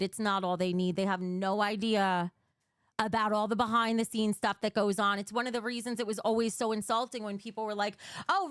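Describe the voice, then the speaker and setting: A woman's voice: a little high, a bit bright, smooth, no room sound, clean studio sound. A young woman hosting a livestream, talking bluntly and emotionally, swearing freely while answering her chat. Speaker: livestream host.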